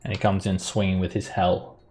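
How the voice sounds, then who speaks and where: A man running a tabletop game as dungeon master, narrating the action briskly and explaining the rules patiently. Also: deep voice, level tone, a little mellow.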